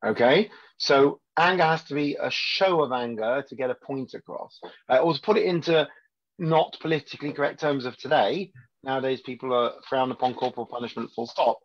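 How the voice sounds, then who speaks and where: A man's voice: mid-range voice, a little fast. A man teaching a weekly Torah class as a rabbi, in a conversational way, often checking in with his listeners. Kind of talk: informal Torah lesson. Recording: dull lo-fi sound.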